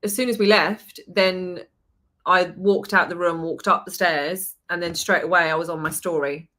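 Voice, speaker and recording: A woman hosting a podcast, telling a story in a lively, chatty way, swearing and acting out what people said. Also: on the low side, moderate pace. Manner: animated storytelling, swears, acts out quotes. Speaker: podcast host. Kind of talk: casual chat.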